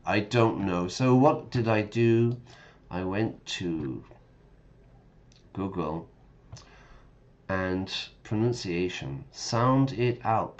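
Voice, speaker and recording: A man's voice: lowish voice, dull audio. A man teaching English while streaming a game, chatting casually, correcting himself and explaining words as he goes.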